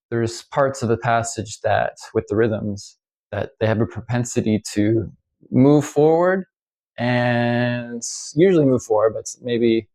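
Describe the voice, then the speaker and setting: Man, violin teacher, gravelly voice, halting delivery, mid-pitched. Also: darkish tone. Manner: halting, many fillers and restarts. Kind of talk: casual instructional talk.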